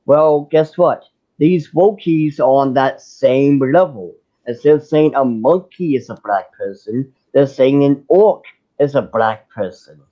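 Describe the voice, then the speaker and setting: A man's voice: mid-range voice, unhurried. A man hosting a livestream, ranting in a heated, sarcastic way with frequent restarts. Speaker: livestream host. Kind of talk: casual ranting chat. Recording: dull lo-fi stream audio.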